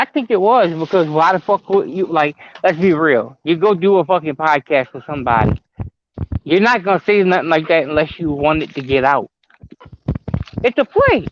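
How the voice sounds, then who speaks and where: Blunt, high-voiced man on a podcast. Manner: blunt, profane, insistent. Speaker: podcast co-host. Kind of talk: casual chat. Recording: muffled lo-fi audio with faint hiss.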